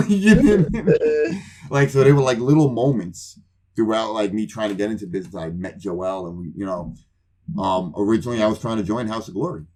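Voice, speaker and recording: Podcast co-host, low voice, casual swearing storyteller who plays every part of his anecdotes himself. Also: fairly quick, mellow. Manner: profane, rambling, acts out both sides of conversations.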